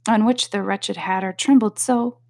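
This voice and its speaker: Lady reading a storybook out loud, husky gravelly voice, calm, drops to a whisper sometimes. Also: mid-range voice, moderate pace. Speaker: audiobook reader. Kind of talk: storybook narration.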